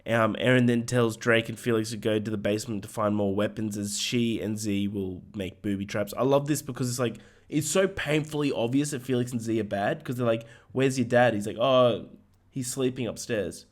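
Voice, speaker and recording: A man co-hosting a film podcast, recapping the plot in casual chat with lots of ums and swearing asides, his voice hoarse. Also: fairly low pitch, a little fast, few pauses. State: hoarse, voice going.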